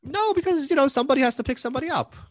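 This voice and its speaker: A man's voice: very high-pitched, animated, rapid-fire, no room sound. A man recapping a TV episode in casual chat, hesitant, with many fillers and restarts. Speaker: podcast co-host recapping an episode.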